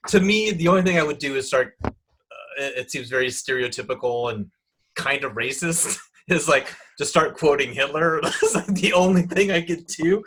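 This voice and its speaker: A man's voice: on the high side, normal speed, fairly bright tone, slight background noise. Rambling podcast host, man. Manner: rambling, filler-heavy, chuckles between phrases. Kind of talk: casual chat.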